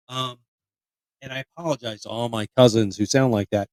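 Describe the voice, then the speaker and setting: A man in his late twenties from Pennsylvania, co-hosting a podcast and telling a profane, animated story with mock voices. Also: mid-range voice, fairly quick, no echo, poor audio. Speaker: podcast co-host. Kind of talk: casual storytelling chat.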